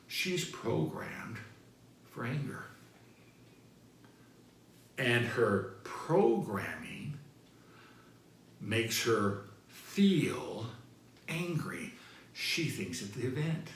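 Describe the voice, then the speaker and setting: A man giving a motivational talk in a lively, swinging voice. He takes his time and leans hard on the repeated key phrases. A roomy echo surrounds him. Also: mid-range voice, extremely slow, pauses often. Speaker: motivational speaker.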